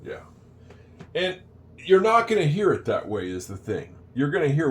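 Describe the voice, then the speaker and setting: An older man giving a casual English lesson, chatting, repeating phrases slowly and wandering off on tangents. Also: a little high, wildly swooping pitch. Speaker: English teacher.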